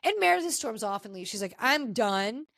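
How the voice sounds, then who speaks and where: A woman's voice: fairly high pitch, very animated, quick pace, vocal fry, no room sound. A woman hosting a podcast, chatting casually and with strong opinions as she recaps a reality TV episode. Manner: chatty and opinionated, talking straight to cast members. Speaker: podcast host.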